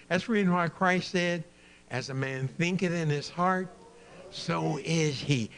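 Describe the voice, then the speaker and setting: An older man giving a health talk in a church, telling stories and acting out the dialogue. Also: unhurried. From California. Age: 60s or older. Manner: animated storytelling, acts out dialogue with big pitch swings. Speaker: guest health speaker at church. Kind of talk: storytelling health sermon.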